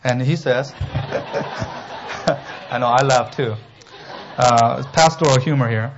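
A man preaching an expository sermon as pastor, emphatic and animated, with humorous asides. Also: mid-range voice, takes it slowly, highs cut off, noisy background.

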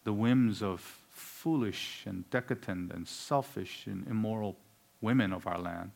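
A man preaching a sermon, swinging between loud, emphatic declarations and low, quiet asides. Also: unhurried, vocal fry.

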